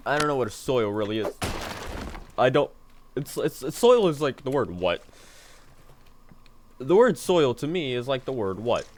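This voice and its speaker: A man's voice: mid-range voice, big pitch swings, normal speed, pauses often, a little hiss or hum. Rambling, joking male game streamer. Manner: rambling, joking and self-mocking, talking to himself. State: yawning, tired. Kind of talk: casual gaming stream chatter.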